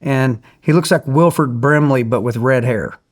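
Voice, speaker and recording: A man's voice: mid-range voice, normal speed. A man, a guest in an interview, telling a story with energy and acting out other people's voices. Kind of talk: animated storytelling.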